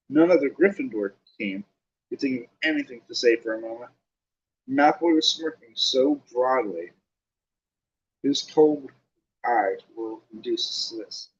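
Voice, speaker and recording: A man narrating an audiobook, reading lively with casual asides. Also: medium pitch, a little slow, lo-fi sound.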